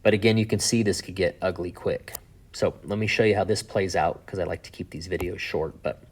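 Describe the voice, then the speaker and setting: A man teaching a math lesson in a relaxed, chatty way, thinking aloud with fillers and asides. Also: lowish voice. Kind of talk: casual whiteboard lesson.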